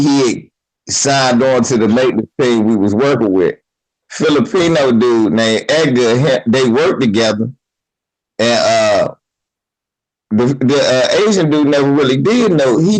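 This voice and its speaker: A man hosting a live stream, telling a rambling story in a casual, animated way with some swearing. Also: medium pitch, poor audio.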